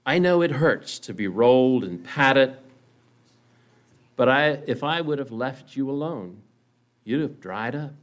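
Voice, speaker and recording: A man voicing a patient master potter in a storytelling sermon, speaking softly and unhurried. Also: lively intonation, natural voice. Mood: gently explaining. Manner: soft, low, unhurried. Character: calm patient old master potter, firm.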